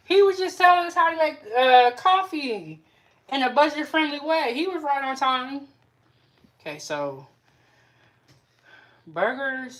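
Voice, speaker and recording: Young woman cooking live in her kitchen, talks to chat the whole time, kinda high voice, bouncy. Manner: chatty, reads out and answers live chat comments. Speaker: cooking show host. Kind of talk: casual cooking livestream chat. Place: home kitchen.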